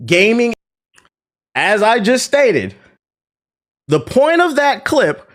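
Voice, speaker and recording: A man ranting to his stream chat in a high voice that swoops up and down. He talks in a profane, indignant and animated way. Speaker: gaming content creator.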